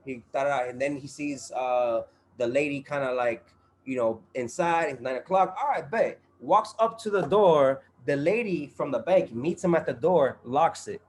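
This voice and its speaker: A man's voice: mid-range voice, moderate pace, slight background noise. A man guest on a podcast, telling a story in casual chat, full of profanity, street slang and fillers.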